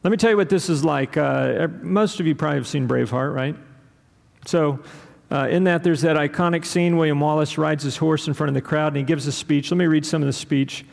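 A man preaching a sermon, rhythmic and building to loud, emphatic peaks. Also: on the high side, fairly quick, vocal fry. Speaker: pastor. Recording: long hall reverb.

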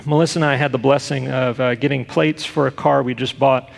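A middle-aged man, a pastor, preaching earnestly with rhetorical questions and loud bursts of emphasis. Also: medium pitch, fairly even intonation, brisk, gravelly, big-room sound. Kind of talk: sermon.

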